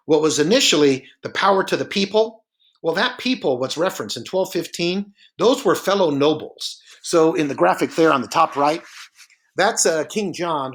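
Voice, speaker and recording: A man narrating a slideshow lecture in a relaxed, explanatory way, with frequent filler sounds, sometimes stretching words slowly for emphasis. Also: a little high.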